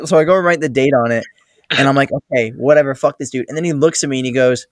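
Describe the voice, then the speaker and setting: A man's voice: mid-range voice, quick pace, no room sound, clean studio sound. A young man hosting a casual podcast, telling a work story with plenty of swearing and acting out the voices of others. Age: young adult. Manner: swearing, acts out the other people in his stories. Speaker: podcast host.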